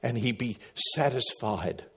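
A middle-aged man preaching a sermon, swinging from loud emphatic calls to quiet, low asides. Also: takes it slowly, breathy edge. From Australia. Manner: dramatic, rising to loud emphatic calls then dropping quiet. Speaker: pastor.

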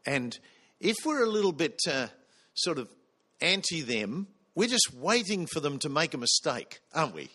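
Bright, high-voiced preacher. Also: male voice, very animated, moderate pace, husky. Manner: earnest, asks the congregation questions. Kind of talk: sermon.

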